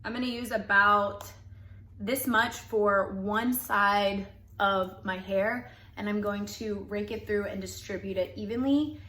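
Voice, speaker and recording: A woman's voice: mid-range voice, steady tone, unhurried, sharp tone. A young woman, chatting casually and bubbly to the camera in a lifestyle vlog. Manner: chatty, bubbly, laughs often. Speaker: lifestyle vlogger. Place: home, then outdoors.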